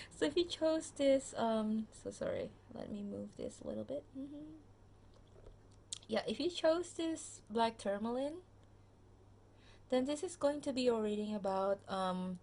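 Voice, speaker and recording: A tired tarot reader with a highish, gravelly, slightly mellow voice gives a casual pick-a-card reading to viewers through a phone camera, over slight background noise. She's chatty, full of fillers and restarts, and addresses the listener directly.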